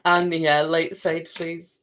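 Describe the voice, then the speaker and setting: A woman in middle age reads oracle cards for her viewers at an unhurried pace. Her voice sits low, and she chats loosely, often thinking aloud to herself. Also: little pitch movement, background noise. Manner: chatty, talks to herself, repeats phrases. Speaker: card reader. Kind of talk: live oracle card reading to viewers.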